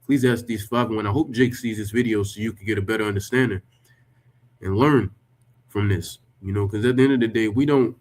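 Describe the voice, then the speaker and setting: A man's voice: fairly low pitch, steady tone, brisk, darkish tone. A man rebutting a text he reads aloud, talking emphatically, swearing freely and firing off rhetorical questions. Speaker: religious commentator. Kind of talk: reacting to and rebutting a written text.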